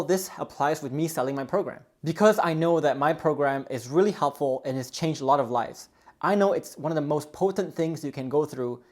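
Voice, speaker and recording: A man's voice: a little high, darkish tone. Earnest male relationship coach. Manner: earnest and explanatory, leans on "really" and "you know". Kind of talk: coaching video talk to camera.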